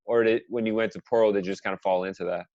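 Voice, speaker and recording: A man's voice: lowish voice, steady tone, fast talker, a little mellow, no echo, dull audio. A man hosting a podcast interview, talking in an easygoing, chatty way with lots of fillers. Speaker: podcast host, immigration attorney. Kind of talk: casual interview chat.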